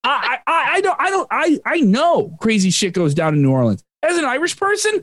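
A man's voice: very high voice, huge pitch swings, a little fast, hardly any pauses, a bit bright, no echo. A man on a comedy panel making a rambling, emphatic argument in a dry-sounding room.

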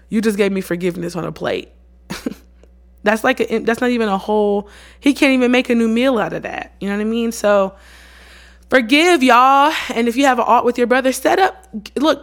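A woman hosting a casual faith podcast, talking in an earnest, conversational way with lots of slang and lively bursts. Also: medium pitch. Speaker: podcast host and worship leader.

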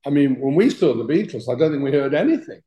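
A man's voice: medium pitch, expressive, fast talker, dark tone, poor audio. An older man with an English accent, a music manager telling blunt, colourful stories in an interview. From England. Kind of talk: interview anecdotes.

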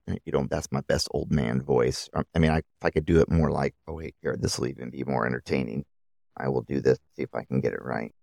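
A man's voice: extremely low pitch, steady tone, brisk, vocal fry, a little mellow, no echo, clean studio sound. A middle-aged man hosting a solo podcast, giving opinions in a rambling way with many restarts. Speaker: podcast host.

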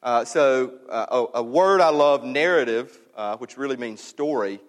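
A pastor speaks to his church in a candid, conversational way, full of fillers and asides. His voice carries a long reverb from a large hall. He slows down when he reads a passage aloud. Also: mid-range voice. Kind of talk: sermon announcement, conversational.

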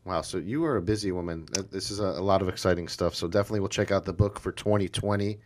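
A man hosting a video podcast interview, leading his guest through a quick word game with playful, hype-building patter. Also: low voice. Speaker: podcast host.

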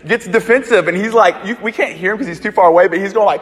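A man's voice: high voice, fast talker, hardly any pauses. A man from Alabama preaching a sermon, telling a personal story in a loose, conversational way. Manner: conversational storytelling, animated and chatty. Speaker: pastor. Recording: echoey hall.

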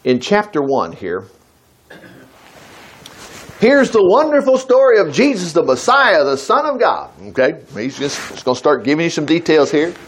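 A man's voice: a little high, wildly swooping pitch, moderate pace. A man preaching a conversational sermon, reading scripture aloud and breaking off into chatty, folksy asides.

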